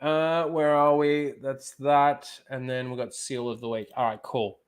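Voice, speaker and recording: A man's voice: medium pitch, little pitch movement, a little slow, clear, resonant tone. A man hosting a casual livestream, rambling bluntly with casual swearing. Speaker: livestream host.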